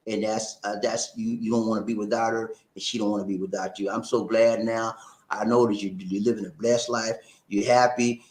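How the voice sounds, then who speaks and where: A man hosts a live-stream talk show, reading viewer comments and calling out shout-outs with animated, preacher-like energy. His voice is lowish and the sound is reverberant.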